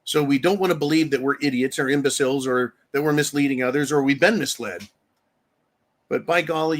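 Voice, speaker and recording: A man's voice: medium pitch, fairly bright tone. A man hosting a talk show, giving rambling, emphatic, opinionated commentary. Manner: rambling, emphatic, mocking voices for quotes. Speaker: show host.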